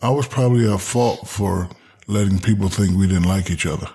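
A man's voice: deep voice, fairly quick, mellow, breathy edge. A retired athlete in his forties, a guest, telling stories in casual chat and mimicking people with joking boasts. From Newark, New Jersey, USA. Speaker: retired basketball player, podcast guest.

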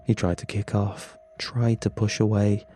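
A man narrating a first-person horror story in a measured, grim manner. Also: lowish voice, level tone, dark tone. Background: faint music.

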